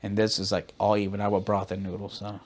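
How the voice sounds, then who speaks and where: A man's voice: fairly low pitch, monotone, fast talker. A man co-hosting a podcast, telling long rambling stories in casual, profane chat. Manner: profane, rambling storytelling with many fillers. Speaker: podcast co-host.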